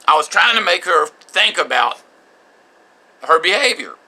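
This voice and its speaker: An older man recounting his marriage in a bitter, halting spoken journal, with frequent restarts. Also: high voice, sing-song, pushed and bright.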